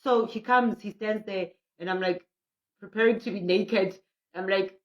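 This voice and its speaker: A middle-aged woman with a South African accent, a traditional healer hosting a livestreamed prayer session, telling stories in an animated way and reading out viewer comments. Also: medium pitch, a little slow. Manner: frequent laughter and restarts. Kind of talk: livestream talk. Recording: muffled lo-fi audio.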